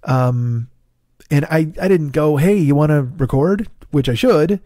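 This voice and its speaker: A middle-aged man hosting his podcast alone, with a hoarse, tired throat, rambling casually with profane, self-deprecating asides. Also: on the high side, unhurried, warm tone, no echo, clean studio sound. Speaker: podcast host. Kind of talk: casual solo podcast chat. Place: home studio in Los Angeles.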